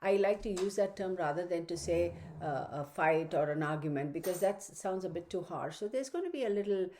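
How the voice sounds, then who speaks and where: A woman talks through a weekly astrology forecast into her computer mic at home. She rambles with fillers and asides. Her voice sits a little low and sounds mellow. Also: lively intonation, brisk, a little hiss or hum. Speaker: astrology reader. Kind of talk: casual astrology forecast monologue. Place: home room with her dog. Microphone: computer microphone.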